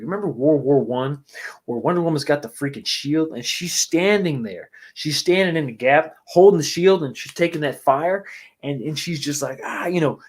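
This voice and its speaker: A man's voice: a little high, breathy edge. A man giving a casual livestream movie review and answering chat, rambling and exasperated, blunt and profane, with many restarts and rhetorical questions.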